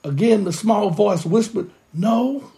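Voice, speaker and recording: A pastor preaching a sermon with impassioned, drawn-out emphasis. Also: mid-range voice, animated, gravelly, darkish tone.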